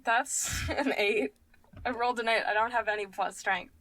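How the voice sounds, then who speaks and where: An excitable woman plays a tabletop game and swears casually as she goes. Her voice sits slightly high. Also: normal speed, noisy background. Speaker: player.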